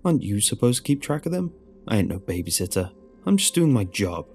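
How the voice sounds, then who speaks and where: A man's voice: lowish voice, big pitch swings, a little fast, a little mellow. A man doing a snarling, surly coworker. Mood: irritated. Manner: gruff, snarling. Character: surly rough male coworker snapping back.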